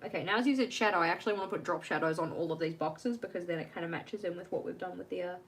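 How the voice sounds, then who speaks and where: A woman's voice: lowish voice, racing. A young woman chatting casually on a live stream from home while she works on her journal, rambling and laughing at herself.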